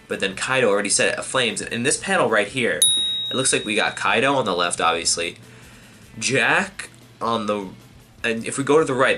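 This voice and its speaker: Bright-voiced man reacting casually. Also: mid-range voice. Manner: thinks aloud while reading, swears, many fillers. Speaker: manga reaction channel host. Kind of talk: casual live reading and reaction.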